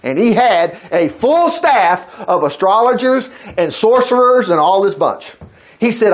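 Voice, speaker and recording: A male preacher telling a Bible story in a folksy, animated way, acting out the characters. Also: high voice, measured pace, dull audio. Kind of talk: lively storytelling sermon.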